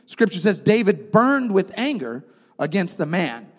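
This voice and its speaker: A man preaching a sermon as pastor, retelling a story with emphatic swings in pitch and loudness. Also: very animated, unhurried. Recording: long reverb of a large hall.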